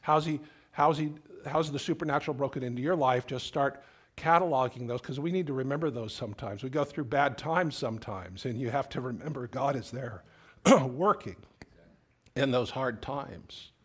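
A man's voice: mid-range voice, normal speed, breathy edge. A middle-aged male pastor preaching a sermon in a conversational, storytelling way, often repeating words as he goes.

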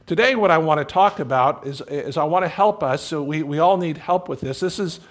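A man's voice: a little high, a little fast. A middle-aged man preaching a conversational sermon as pastor, folksy, with joking asides and little acted-out scenes.

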